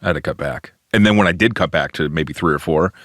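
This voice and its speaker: Very deep-voiced man with dry humor. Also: fast talker, a bit bright, no echo. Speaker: pastor. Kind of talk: casual podcast chat.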